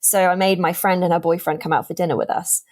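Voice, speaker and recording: A woman's voice: lowish voice, fast. A young woman, a podcast guest telling a dating story in casual chat and acting out the lines of the people in it. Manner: animated storyteller, acts out quotes.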